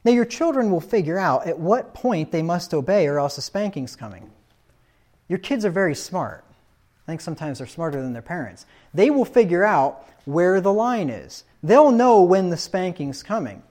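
A man's voice: high voice, very animated, moderate pace, a little mellow. A man preaching a sermon on child discipline, talking emphatically with frequent rhetorical questions and repeated points.

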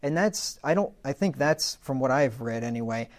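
A man's voice: medium pitch, lively intonation, moderate pace. Conversational man teaching a sermon. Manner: conversational, with asides and self-corrections. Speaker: pastor. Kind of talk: sermon-style Bible teaching.

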